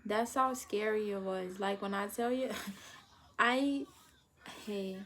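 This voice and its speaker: A woman telling a personal story in a casual storytime vlog, animated and acting out moments with sudden high-pitched bursts and laughs. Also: slow pace, slight background noise. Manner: animated, acts out her own past panic with sudden high-pitched outbursts and laughter.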